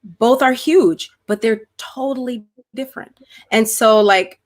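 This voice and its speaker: A woman's voice: fairly high pitch, unhurried. A middle-aged woman, a guest performer, chatting animatedly on a video call with many restarts and fillers. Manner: animated, talks with her hands in words, many restarts and "like". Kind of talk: casual video-call chat.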